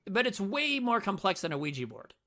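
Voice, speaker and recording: A man's voice: high voice, very animated, fairly quick, sharp tone. A man co-hosting a podcast, chatting casually and jokily about a movie, rambling and swearing freely. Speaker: podcast co-host.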